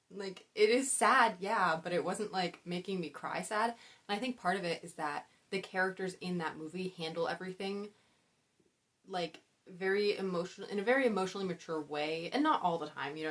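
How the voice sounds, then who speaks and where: Young woman book vlogger, lower-pitched, chatty and rambling, casual and self-aware. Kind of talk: casual book-tag chat.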